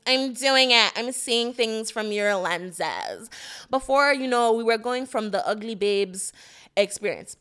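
Female co-host, clear smooth voice, animated playful chat. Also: on the high side, measured pace. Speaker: podcast co-host. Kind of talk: casual chat.

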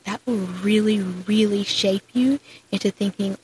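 A woman's voice: medium pitch, fairly even intonation, normal speed, darkish tone, slight background noise, low-quality recording. A young woman hosting her own podcast, chatting casually and upbeat, with lots of "like" and "so". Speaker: podcast host. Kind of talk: casual solo podcast chat.

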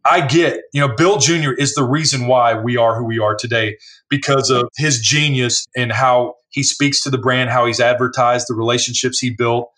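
Animated storytelling male distiller. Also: mid-range voice, moderate pace. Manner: animated storyteller, acts out other people's lines. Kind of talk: conversational storytelling.

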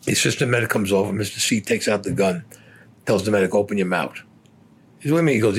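Husky, profane older man telling war stories. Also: on the low side, fast talker. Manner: blunt and heavily profane. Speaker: war veteran telling his story. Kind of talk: rough spoken storytelling.

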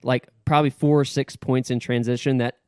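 A man co-hosting a casual sports podcast, giving measured analysis and handing off to others. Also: mid-range voice, level tone, a little mellow, clean tone, dry recording, clean studio sound. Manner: measured, analytical, passes the mic. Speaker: podcast co-host.

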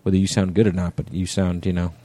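A man's voice: sits low, little pitch movement, mellow. A middle-aged man co-hosting a podcast, teasing his partner in casual chat. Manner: teasing, quick jokes. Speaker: podcast co-host. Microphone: headphones.

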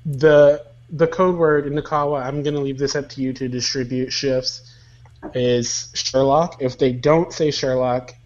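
A man of medium pitch playing his character in a tabletop game. He rambles and hesitates, chuckling as he goes. His mic sounds somewhat dull and lo-fi. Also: steady tone, a little mellow. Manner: rambling, halting, chuckles through lines. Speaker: player. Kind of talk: in-character tabletop play over a voice call.

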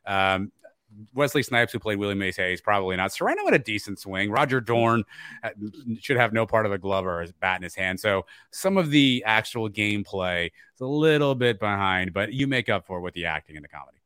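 Podcast co-host, male, crisp bright tone, dry recording, easygoing movie talk. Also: on the low side, fairly quick, no room sound. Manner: animated movie banter, quotes lines. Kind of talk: casual chat.

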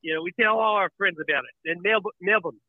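A man phoning into a podcast while putting on a hammy Australian bloke character, drawling slowly with jokey slang over a lo-fi call line. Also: high-pitched. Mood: joking. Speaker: call-in caller.

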